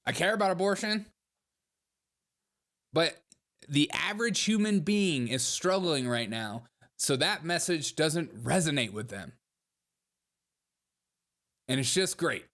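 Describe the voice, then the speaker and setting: A man hosting a casual livestream, reacting to comments and clips in a sarcastic, mocking and animated way. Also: fairly high pitch, slow, pauses often.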